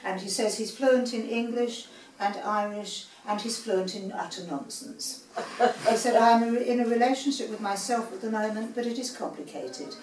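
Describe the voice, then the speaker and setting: A woman's voice: a little high, steady tone, moderate pace, slight background noise. A woman introducing a poet to a festival audience in a chatty, humorous way. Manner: chatty, warm-humoured, laughs between lines. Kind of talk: casual spoken introduction. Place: festival venue indoors. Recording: echoey room, mic far off, audience murmur.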